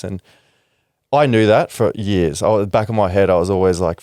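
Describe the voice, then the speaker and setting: A man's voice: sits low, normal speed, warm tone, dry recording, clean studio sound. A young Australian man, a former rugby league player, talks frankly and reflectively as a podcast guest, with casual swearing. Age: young adult. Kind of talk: candid interview talk.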